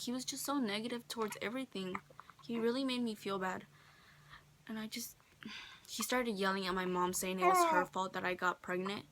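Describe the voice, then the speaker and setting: Chatty teen girl, bright voice. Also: mid-range voice. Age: teens. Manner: chatty, full of "like", quotes others in her own voice. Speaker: vlogger. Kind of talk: casual storytime vlog. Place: friend's bedroom.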